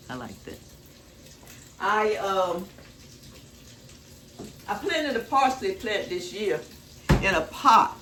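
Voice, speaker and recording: A woman's voice: medium pitch, fairly bright tone, slight background noise. Chatty older woman in her kitchen. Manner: chatty, homespun, rambling asides. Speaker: cooking vlogger. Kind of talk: casual home cooking vlog. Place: home kitchen.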